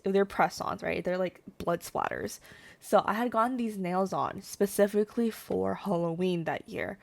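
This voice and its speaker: A young woman in her twenties tells a story to her viewers, animated and swearing freely. Her voice sits at a middle pitch for a woman. She talks in a casual, chatty way. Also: vocal fry. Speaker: VTuber storyteller.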